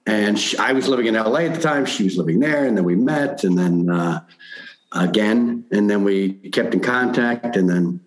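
Rambling man in a roomy space. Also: lowish voice. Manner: rambling, halting, full of restarts. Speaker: comedian guest. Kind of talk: casual storytelling interview. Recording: roomy echo.

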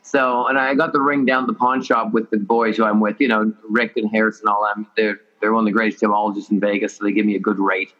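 Fast-talking man telling a story. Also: lowish voice. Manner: rambling, self-correcting, lively storyteller. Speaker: interview guest, performer. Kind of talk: casual storytelling. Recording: dull lo-fi audio.

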